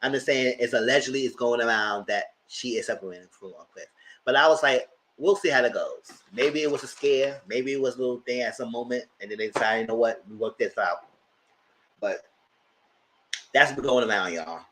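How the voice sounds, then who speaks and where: A man hosting a live TV review, chatting casually in a blunt, slangy, animated way. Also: mid-range voice, brisk, slight background noise, low-quality recording. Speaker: host of a TV review channel.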